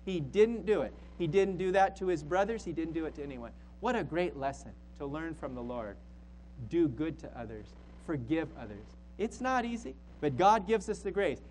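A man's voice: fairly high pitch, lively intonation, moderate pace, a little mellow, a little hiss or hum, low-quality recording. A man preaching a sermon as a pastor, emphatic and repeating key phrases for stress.

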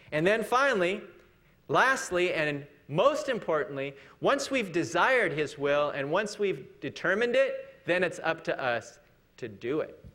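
A preacher with a high-pitched voice delivers an earnest, conversational sermon. He questions his listeners directly and slows to a measured pace for scripture. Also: fairly bright tone.

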